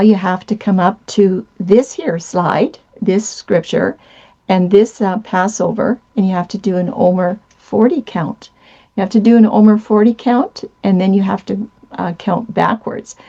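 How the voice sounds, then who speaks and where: Mellow-voiced woman explaining a slide. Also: medium pitch, highs cut off. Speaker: co-presenter.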